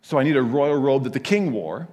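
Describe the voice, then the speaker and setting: A man's voice: medium pitch, expressive, fairly quick, darkish tone, in a large hall, pitched above the performer's own voice, lightly acted. A man voicing a vain, pompous male royal official who is boastful and self-important.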